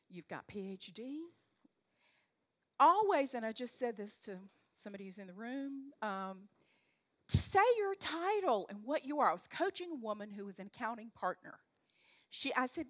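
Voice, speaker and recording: A woman's voice: a little high, a bit bright. Chatty Southern woman giving a talk. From North Carolina, US. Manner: chatty, direct, folksy with frequent fillers. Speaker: leadership coach. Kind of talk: motivational talk to an audience. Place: event room with a live audience.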